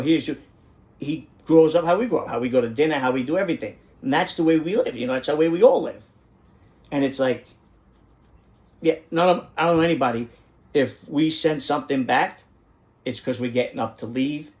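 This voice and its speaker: A man, hosting and telling a street story in a brash, profane, animated way. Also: mid-range voice. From New York. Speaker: host. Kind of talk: casual storytelling monologue.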